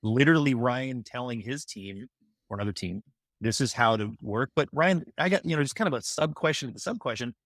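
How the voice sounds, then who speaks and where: A man hosts a podcast interview with enthusiasm, rambling his way into his questions. His voice sits at a middle pitch. The recording is dry, with no room echo. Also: lively intonation, brisk, a bit bright. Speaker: podcast host. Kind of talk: conversational interview hosting.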